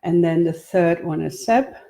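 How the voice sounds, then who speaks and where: A woman author chatting in a relaxed way before reading live from her book for an online stream. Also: on the low side, measured pace, gravelly. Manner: relaxed, chatty, with ums and laughs. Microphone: webcam or phone for a live stream.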